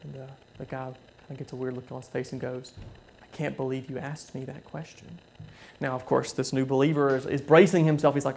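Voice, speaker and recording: A man preaching a sermon, telling a story with frequent halting restarts and repeated words. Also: medium pitch, flat delivery, creaky, darkish tone, a little hiss or hum. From southern United States.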